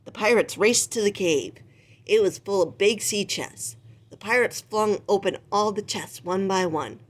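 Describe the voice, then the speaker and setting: A woman reading a children's picture book aloud with expressive, animated storytelling. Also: medium pitch, unhurried. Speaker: storybook reader.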